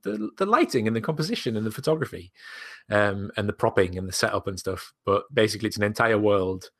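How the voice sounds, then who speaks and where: Low-voiced man chatting casually. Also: lively intonation, fast talker. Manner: enthusiastic, swears casually. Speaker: podcast co-host. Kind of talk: casual chat.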